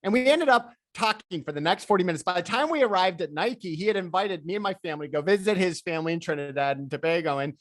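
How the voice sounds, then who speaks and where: A man telling business stories as an interview guest, lively and acting out the people he quotes. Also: sits high, fast talker, few pauses, no echo, studio quality. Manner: animated storyteller who acts out quoted voices. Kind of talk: storytelling interview chat.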